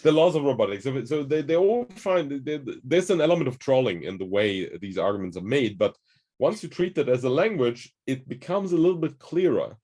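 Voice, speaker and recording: A man's voice: medium pitch, expressive, fairly quick, warm tone. A man hosting a conversation, explaining ideas in a thoughtful, searching way. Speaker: host. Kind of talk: conversational discussion.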